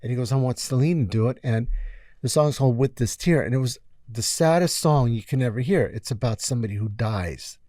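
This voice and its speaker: A middle-aged man with a mellow, relaxed voice tells stories in a casual interview. He acts out what people said and pads his talk with fillers. The sound is dry and close. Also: mid-range voice, brisk, dry recording. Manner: animated storyteller acting out quotes, many fillers. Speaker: music producer guest.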